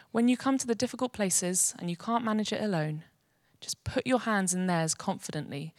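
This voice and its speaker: Woman doing a kindly male shepherd, calm and measured, dry close sound. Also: medium pitch, dry recording, lightly acted. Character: gentle reassuring male shepherd, kindly master.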